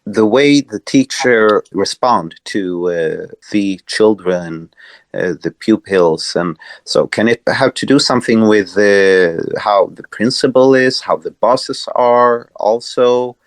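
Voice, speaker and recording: A man's voice: fairly low pitch, slow, dry recording. A man hosting a podcast who asks questions in a hesitant, filler-filled, casual way. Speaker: podcast host. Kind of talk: casual conversation.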